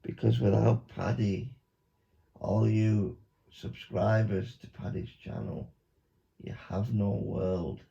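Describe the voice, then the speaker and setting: A man, a YouTuber, giving a mock hypnosis monologue with slow, repetitive, coaxing instructions. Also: on the low side, flat delivery, creaky, dark tone. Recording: dull lo-fi recording.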